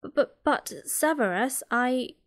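A woman with a British accent voicing a nervous, stuttering male teacher in a soft whispered role-play. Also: very high-pitched, unhurried. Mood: frightened. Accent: British English. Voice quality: stuttering, timid.

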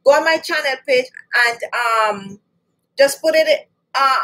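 High-voiced woman chatting about skincare. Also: a little slow, fairly bright tone, rough recording. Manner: chatty, repeats lists, addresses viewers directly. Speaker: beauty channel host. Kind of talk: casual live-stream skincare chat.

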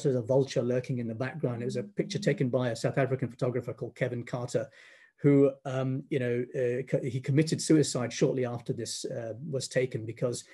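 A man gives a public talk in a thoughtful, halting way, pausing to find his words. His voice is warm and mellow, with a slightly husky texture. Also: medium pitch. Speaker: guest speaker. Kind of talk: public lecture.

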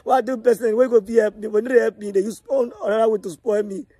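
A Nigerian man speaks in a very high, husky voice, tearful and distressed. He pleads and begs over and over at a quick pace, close and dry on the mic. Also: fairly even intonation, dark tone, no echo. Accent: Nigerian Pidgin-tinged English. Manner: pleading, distressed, repetitive begging. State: tearful, near crying. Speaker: vlogger telling his side. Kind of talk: emotional personal appeal.

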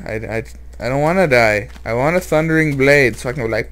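A man's voice: medium pitch, expressive, fast talker, few pauses, background noise. A man commenting on his own game as he plays, rambling, joking and sounding a little nervous. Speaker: let's play host. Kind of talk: gameplay commentary.

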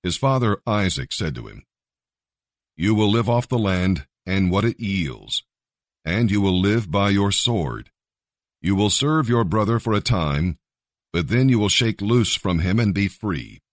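A man reading scripture aloud in a measured, earnest way, with short devotional comments between passages. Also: lowish voice, sing-song, no room sound, clean studio sound. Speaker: Bible reader. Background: faint music.

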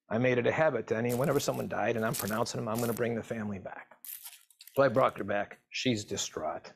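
A middle-aged man, a physician assistant, telling a painful story from his work in a halting, emotional way. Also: mid-range voice, vocal fry, a little hiss or hum. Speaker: physician assistant and medical educator. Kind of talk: personal story told to camera.

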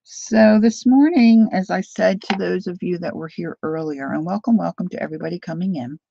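Chatty gravelly-voiced woman crafting live. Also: fairly low pitch, brisk, mellow, dull audio. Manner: chatty, talks to viewers while working. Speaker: crafting livestream host.

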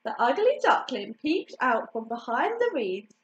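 A woman reading a children's picture book aloud in an expressive way, stopping to ask the listener questions. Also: sits high, unhurried. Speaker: storytime reader. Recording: dull lo-fi recording.

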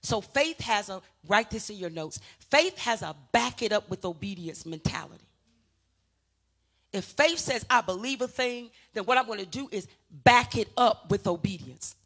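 A woman pastor preaching a sermon, urging the congregation on with call-and-response and swinging from loud emphatic peaks to quiet teaching. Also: medium pitch, lively intonation, moderate pace.

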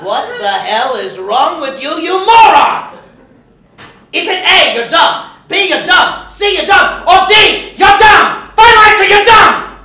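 A man doing an impression of a cranky older talk show host, loud and short-tempered, ranting in a high, bright, lively voice that swings up and down. The sketch is recorded in a roomy, echoey studio. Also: unhurried, exaggerated voice. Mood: indignant. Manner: shouting, indignant ranting. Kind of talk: sketch comedy acting.

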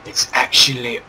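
A man's voice: high-pitched, bright, forceful tone, slight background noise. A young man doing playful, sarcastic game commentary, rambling and joking at the screen. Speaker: gamer doing a let's play.

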